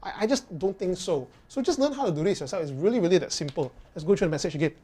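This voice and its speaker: A man's voice: sits high, rapid-fire, slightly rough. A man with a Malaysian English accent who works as a guitar tech, answering viewer questions in a casual live stream. He talks bluntly and swears freely, often restarting his sentences. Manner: blunt, profane, animated, with frequent restarts.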